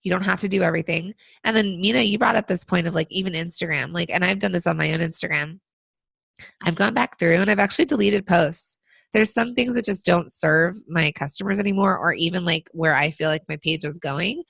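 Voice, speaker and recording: A woman co-hosting a business podcast, giving casual advice with lots of fillers, her voice still rough from being sick. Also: fairly low pitch, a little fast, fairly bright tone, dry recording. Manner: conversational, frequent fillers. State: recovering from illness. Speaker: podcast co-host.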